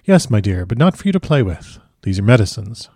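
Guy doing an old foreign professor, slow grave broken english, dark mellow dry voice. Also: lowish voice, sing-song, no echo. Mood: coaxing. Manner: broken formal English, stately measured delivery. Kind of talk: audiobook character reading.

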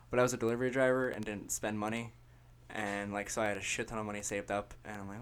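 A man's voice: lowish voice, fast. A man guesting on a casual podcast, telling rambling, self-deprecating stories with a jokey manner. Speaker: musician guest.

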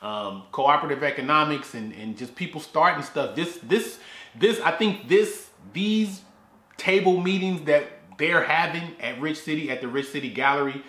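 A man's voice: fairly high pitch, normal speed, a bit bright. A man hosting his own podcast, rambling casually and often repeating words and restarting sentences. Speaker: podcast host. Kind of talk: casual solo podcast talk. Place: his garage. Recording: echoey garage.

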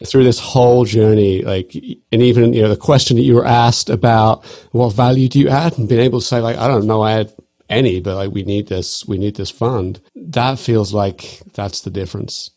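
Mellow-voiced male host, reflective. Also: medium pitch, fairly even intonation, fairly quick, no echo, clean studio sound. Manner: reflective, filler-heavy ("you know", "like"). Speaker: podcast host. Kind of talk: casual interview.

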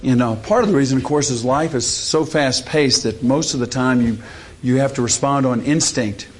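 A man's voice: mid-range voice, normal speed, a little hiss or hum. Folksy preacher man. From Louisiana, US. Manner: folksy storytelling with fillers. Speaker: conference speaker. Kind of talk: humorous sermon talk.

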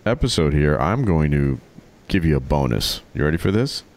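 Deep-voiced joking man. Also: big pitch swings, normal speed, a little mellow. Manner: joking, wry storyteller. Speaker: podcast co-host. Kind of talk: casual comedic chat.

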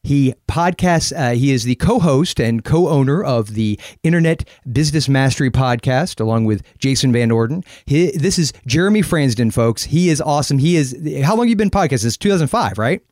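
A man's voice: medium pitch, expressive, normal speed, hardly any pauses, darkish tone, no room sound, studio quality. A man hosting a podcast in casual chat, joking and rambling. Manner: joking, rambling, lots of restarts. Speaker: podcast host.

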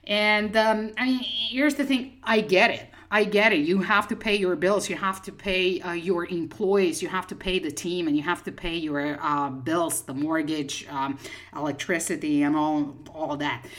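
A woman speaking as a business coach, giving direct, emphatic advice to a listener. Her voice sits a little low for a woman, and she keeps checking in with "okay?" as she stresses her points. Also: fairly even intonation, a little slow, a bit bright.

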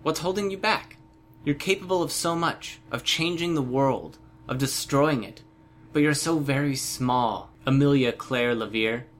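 A man voicing a cool, smooth-talking male villain in an audiobook, almost seductive and quietly mocking. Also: medium pitch, lively intonation, moderate pace, slight background noise, natural voice. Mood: smooth, menacing. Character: smooth, menacing adult male villain leader. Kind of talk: audiobook character voice.

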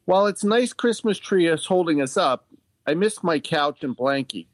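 A man's voice: fairly high pitch, expressive, normal speed, lightly acted. A man reading a Christmas story as a pet dog telling it in the first person, earnest and childlike. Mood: wistful. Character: gentle male pet dog narrating a Christmas tale. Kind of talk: storytelling narration.

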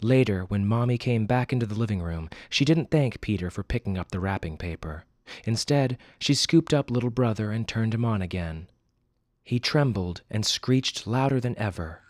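A man's voice: lowish voice, animated, normal speed, darkish tone, no room sound, studio quality. A man hosting a fiction podcast who reads a dramatic story aloud expressively, then adds wry casual asides. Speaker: podcast host and story narrator.

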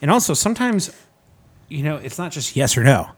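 Profane, animated man in casual chat. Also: fairly high pitch, fairly quick, husky. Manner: profane, animated storytelling with acted-out quotes. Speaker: podcast guest, nonprofit founder.

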